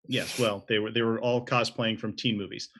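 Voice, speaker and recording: A man's voice: fairly low pitch, flat delivery, moderate pace, a bit bright. A man from the Southern United States, a convention organizer, telling anecdotes in a casual chat. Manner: storytelling, anecdotal.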